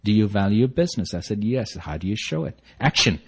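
A man's voice: medium pitch, fast talker, hardly any pauses, slightly rough. A middle-aged man giving a personal recovery testimony, telling his story earnestly and rising into fervent bursts. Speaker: recovery meeting speaker.

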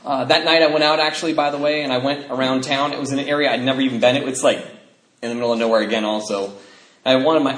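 A man telling his recovery story to an audience as an animated storyteller who laughs as he talks. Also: medium pitch, quick pace. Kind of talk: personal testimony to an audience. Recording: echoey room with faint noise.

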